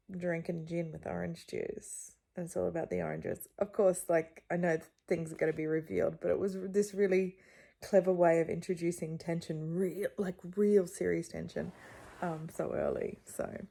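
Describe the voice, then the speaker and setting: Gravelly-voiced chatty woman vlogger. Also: fairly low pitch, normal speed, warm tone. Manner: chatty and rambling, with frequent little laughs. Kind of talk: casual vlog chat.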